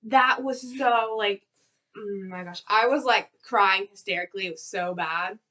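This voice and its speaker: A young woman with a Southern US accent, co-hosting a casual vlog and telling stories in an animated way, with lots of "like". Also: medium pitch, a little slow. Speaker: co-host. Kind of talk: casual chat.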